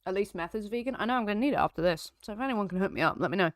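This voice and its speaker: A woman's voice: medium pitch, expressive, racing, dry recording, clean studio sound. A woman co-hosting a livestream, talking casually and sarcastically, laughing often and swearing. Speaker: co-host on a reaction stream.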